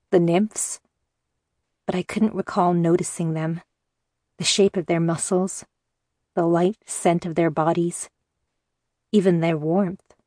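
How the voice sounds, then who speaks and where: A woman reading a first-person novel aloud in measured, steady audiobook narration. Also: on the low side, dry recording, clean studio sound.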